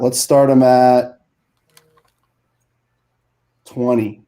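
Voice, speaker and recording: A man casually pitching items on a live auction stream, laid-back and easygoing. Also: fairly even intonation, drawn-out words, warm tone. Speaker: auction seller.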